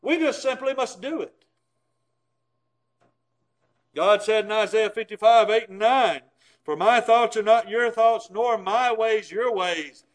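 A man preaches a sermon in a high voice. He talks in a folksy way and chuckles at his own points. He swings between loud, emphatic bursts and low, quiet asides. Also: a little slow, poor audio.

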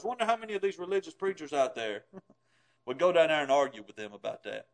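A man preaches a sermon in a high voice. He talks in a folksy way and chuckles at his own points. He swings between loud, emphatic bursts and low, quiet asides. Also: expressive, a little fast, low-quality recording.

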